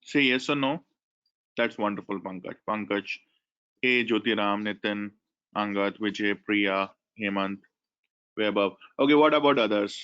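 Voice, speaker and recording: A man's voice: lowish voice, measured pace, fairly bright tone, smooth. Coordinator, Indian English man, chatty webinar host, muffled lo-fi call audio. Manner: chatty, thanks attendees by name. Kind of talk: online class host instructions.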